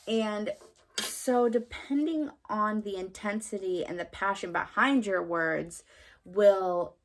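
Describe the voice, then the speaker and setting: A young adult woman vlogging casually about spiritual ideas, rambling with lots of fillers and frequent tag questions. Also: mid-range voice.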